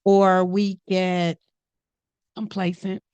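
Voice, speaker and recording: A woman's voice: lowish voice, little pitch movement, extremely slow, darkish tone, clean tone, dry recording, muffled recording. A woman co-hosting a podcast, speaking in an encouraging, motivational way in casual chat. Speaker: co-host.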